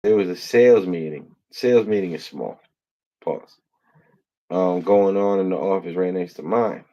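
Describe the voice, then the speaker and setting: A man's voice: low-pitched, normal speed, highs cut off. A man hosting a casual livestream, rambling through funny stories, swearing and laughing often. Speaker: host.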